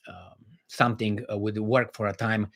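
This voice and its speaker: A man's voice: fairly low pitch, little pitch movement, normal speed, fairly bright tone. A man hosting a livestream, reading viewer comments and giving blunt opinions in casual chat, with many fillers and restarts.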